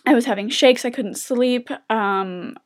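A young woman vlogger telling a personal story to camera in an earnest, open way, often breaking off and restarting, and growing emotional as she talks. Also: on the high side. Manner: earnest, halting, with many restarts; openly emotional. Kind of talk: personal confessional talk to camera.

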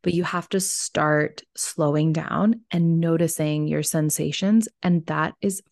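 A woman's voice: deep voice, steady tone, unhurried, a little mellow, no echo. A woman hosting a podcast interview, talking candidly and bluntly, swearing freely and acting out little dialogues as she tells stories. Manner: acts out little dialogues when telling stories. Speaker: podcast host. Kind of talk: casual interview chat.

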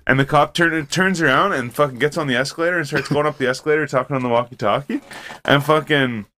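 Bright-voiced man rambling through a story. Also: a little high, fast talker. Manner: rambling storyteller, many fillers and swearing, laughs while telling. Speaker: friend telling stories. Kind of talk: casual chat among friends. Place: room with friends sharing joints.

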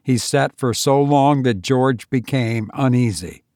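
A man reading a classic short story aloud as a storyteller, slow and measured. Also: mid-range voice, a little mellow, no room sound, clean studio sound. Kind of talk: scripted narration.

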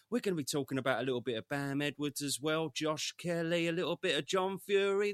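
A loud, excitable man hosts a casual sports podcast with swearing and banter. His voice is bright and forceful, a little higher than most men's. It sits close and dry on the mic, with no room sound. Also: no echo. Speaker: podcast host. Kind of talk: casual boxing podcast chat.

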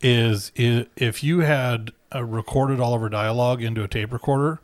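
A man with an ordinary mid-pitched voice trading jokes in a relaxed podcast chat. He riffs freely and slips into mock voices for gags. The sound is dry and close to the mic. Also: normal speed, no room sound. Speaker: podcast co-host. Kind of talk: casual movie-review chat.

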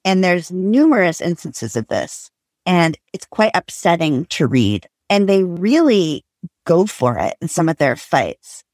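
A woman's voice: on the low side, sing-song, unhurried, darkish tone, no echo. A woman co-hosting a book discussion who talks in a thoughtful way with many hedging asides.

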